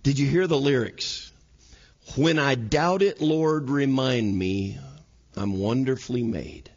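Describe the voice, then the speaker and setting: A man's voice: mid-range voice, takes it slowly, darkish tone, lo-fi sound. A man in his thirties preaching a sermon in a church, acting out everyday scenes in quoted voices. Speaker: pastor. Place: church sanctuary.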